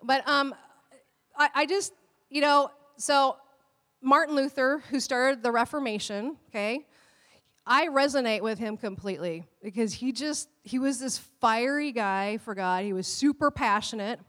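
A middle-aged woman pastor giving a sermon in an animated way, laughing often and acting out quotes in a high voice. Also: a little slow. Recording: long hall reverb.

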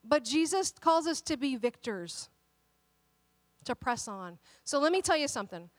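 A woman pastor in her thirties preaches with a high, bright-pitched voice, recorded dry and close with little room sound. She moves from quiet personal storytelling, acting out the voices in her story, to loud, emphatic calls to her listeners. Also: big pitch swings, normal speed, dry recording. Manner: personal storytelling, quotes voices in dialogue, builds to emphatic exhortation. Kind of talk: sermon.

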